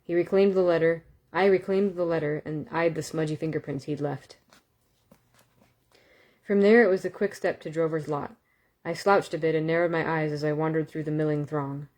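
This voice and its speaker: A woman reading a novel aloud in a calm, steady way, with small self-corrections and asides. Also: low voice, moderate pace. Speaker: audiobook reader.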